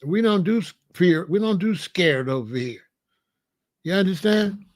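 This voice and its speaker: High-voiced guy, aave, preachy and in your face, dry close sound. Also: expressive, unhurried, no room sound. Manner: confrontational, repeats questions, preachy. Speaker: host answering a viewer. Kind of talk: live-stream commentary.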